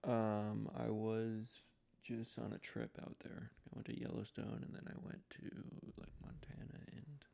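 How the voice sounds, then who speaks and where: A man's voice: on the low side, flat delivery, a little slow, gravelly, warm tone. A man co-hosting a podcast, chatting casually about movies in a rambling, playful way that trails off mid-sentence. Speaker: podcast co-host. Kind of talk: casual chat.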